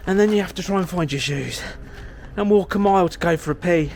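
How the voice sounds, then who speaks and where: Man, slightly high pitch, sarcastic, self-mocking, comic vlog, outdoors, faint background noise. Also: quick pace, darkish tone. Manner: wry and sarcastic, laughs at himself. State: a bit out of breath. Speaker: vlogger. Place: outdoors at a campsite.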